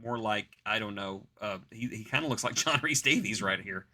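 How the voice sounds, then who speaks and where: A man hosting a podcast, chatting casually and jokily as he recaps a cartoon, dropping into quick voices for the characters. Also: on the low side, crowd noise. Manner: animated, jokey, puts on quick voices for characters. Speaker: podcast host.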